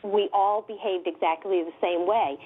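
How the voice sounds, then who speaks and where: A woman investigator telling a story with excitement, laughing often and using many fillers. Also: mid-range voice, normal speed, slightly rough. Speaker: guest UFO investigator. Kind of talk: animated storytelling. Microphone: telephone. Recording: tinny phone line.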